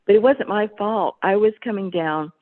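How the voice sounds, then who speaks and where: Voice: medium pitch, normal speed. A podcast guest in casual conversation, chatty, laughing often and trailing off mid-sentence, heard over a tinny phone line.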